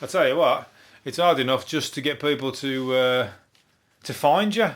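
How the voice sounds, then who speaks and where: A man's voice: mid-range voice, normal speed, a bit bright. Sweary Brummie man rambling through news. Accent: Birmingham (Brummie). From Birmingham, England. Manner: rambling, swearing, laughs at own jokes. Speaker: podcast host, comedian. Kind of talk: solo comedic news review.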